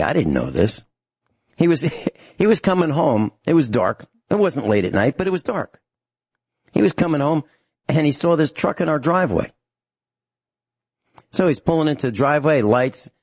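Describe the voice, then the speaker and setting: A man's voice: a little high, a little mellow, husky, no echo. A man hosting a talk radio show, ranting angrily and emphatically to his listeners.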